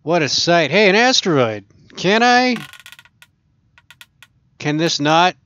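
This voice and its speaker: A man with a smooth, clear voice and a slightly higher pitch chats loosely through a VR game session. He talks to himself as he plays, amused and easygoing. The sound is dry and close, with no room around it. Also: sing-song, slow pace, fairly bright tone, no room sound, lo-fi sound. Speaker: gaming channel host. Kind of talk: casual VR gameplay commentary.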